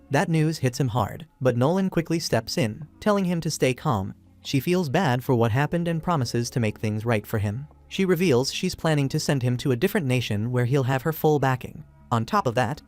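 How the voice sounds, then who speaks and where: A man narrating an anime recap in a casual, steady, scripted retelling. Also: mid-range voice. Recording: faint music underneath.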